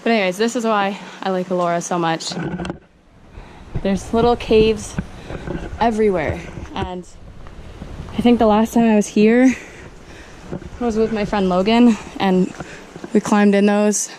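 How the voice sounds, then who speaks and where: A woman's voice: mid-range voice, steady tone, measured pace, long pauses, darkish tone, slight background noise, low-quality recording. A young woman chatting casually while hiking, giggly and self-deprecating, filmed on a handheld camera outdoors by flowing water. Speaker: vlogger.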